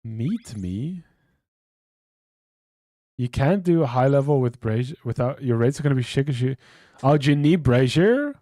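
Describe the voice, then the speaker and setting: A man's voice: medium pitch, animated, brisk, mellow, no echo. Casual swearing man streaming. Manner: swears freely, rambling and off the cuff. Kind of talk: casual live-stream chat.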